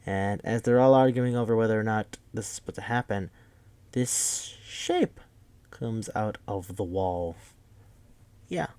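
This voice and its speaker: A man's voice: lowish voice, animated, a little slow, warm tone, clean tone, no room sound. A man casually recapping a movie, rambling and swearing with lots of fillers. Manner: rambling, profane, full of fillers. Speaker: podcast host.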